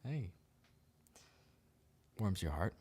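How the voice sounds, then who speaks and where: A man's voice: sits low, very animated, drawn-out words, a little mellow, breathy edge. A man hosting a podcast, giving casual opinion commentary in a sarcastic manner and laughing often. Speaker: podcast host.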